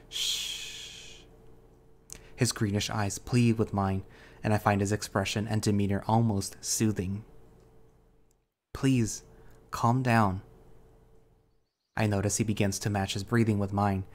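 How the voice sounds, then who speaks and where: A man narrating a first-person audio story in a steady, measured way. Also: lowish voice.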